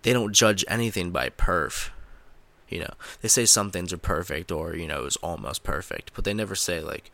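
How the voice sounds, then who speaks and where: A man's voice: sits low, moderate pace, gravelly, pushed and bright. A young man hosting a casual solo podcast, rambling with crude, sarcastic remarks and many filler words. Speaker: podcast host.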